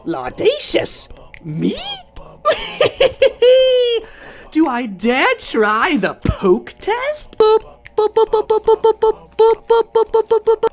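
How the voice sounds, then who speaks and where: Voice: very high-pitched, very animated, slow pace, voice pushed up, exaggerated voice. A vlogger voicing a giggling, chaotic male jester creature who taunts with cackling laughter. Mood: mocking. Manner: taunting, mocking.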